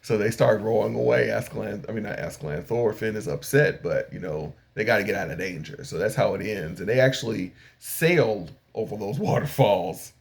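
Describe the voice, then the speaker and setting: This older anime reviewer has a lowish, gravelly voice, speaking fairly quickly with hardly any pauses. His casual episode recap rambles along, packed with fillers and paraphrases that he acts out.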